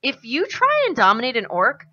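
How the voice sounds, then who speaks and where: A woman's voice: on the high side, normal speed. A woman co-hosting a radio show, chatting casually and animatedly about a video game. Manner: animated, acts out characters with jokes. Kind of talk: casual game review chat. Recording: dull lo-fi radio broadcast.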